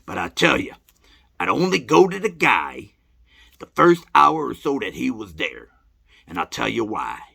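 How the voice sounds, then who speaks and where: Folksy middle-aged male storyteller, rambling and animated, with a sharp, forceful edge to his gravelly voice. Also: mid-range voice, unhurried. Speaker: host. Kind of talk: casual nostalgic storytelling.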